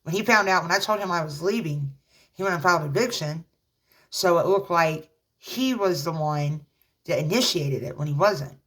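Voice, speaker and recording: A woman, a mother, talking casually to her viewers in a rambling, halting way with lots of fillers, earnestly offering religious encouragement. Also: on the low side, fairly bright tone. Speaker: vlogger. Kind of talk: casual talk to camera.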